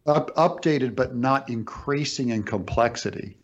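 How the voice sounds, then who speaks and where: A man's voice: mid-range voice, a little slow, highs cut off. A man arguing his side in a debate, making assertive points and stacking examples in lists. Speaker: debate guest arguing for creation. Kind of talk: argumentative discussion.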